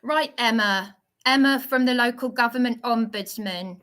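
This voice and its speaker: A woman's voice: on the high side, moderate pace, few pauses, fairly bright tone. A woman live streaming, shaken and indignant, stumbling over her words as she talks. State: shaky, worked up. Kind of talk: agitated live-stream monologue.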